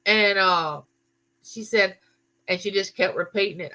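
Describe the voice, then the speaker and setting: A woman's voice: medium pitch, a little slow, long pauses, pushed and bright. A middle-aged woman, telling a story in a casual live chat and answering viewers. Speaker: livestream host.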